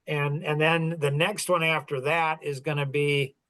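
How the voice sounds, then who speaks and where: A man's voice: a little high, level tone, unhurried, pushed and bright, dry recording, poor audio. A middle-aged man coaching in a casual chat, rambling through stories with many fillers and restarts. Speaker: business coach and podcast host.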